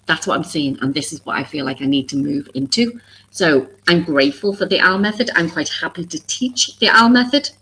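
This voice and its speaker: A woman with a notably low, deep voice talks to her viewers on a live stream. She rambles earnestly, circles back and restarts her thoughts, and sounds openly vulnerable and emotional. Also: animated, fairly quick, a bit bright, slight background noise, rough recording. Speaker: oracle card reader and live stream host.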